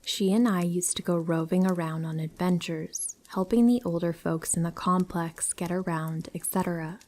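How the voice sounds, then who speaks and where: A woman reading true horror stories aloud in a soft, hushed storytelling voice that often drops to a whisper. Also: fairly low pitch. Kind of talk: scripted narration of listener stories.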